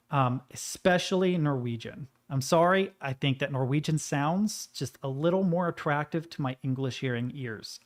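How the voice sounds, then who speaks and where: A young man chats loosely while he plays a game, drifting from thought to thought. His voice sits a touch higher than most men's, and he drops the odd curse without much weight behind it. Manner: rambling, musing, swears casually. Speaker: gaming streamer. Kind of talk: casual gaming commentary.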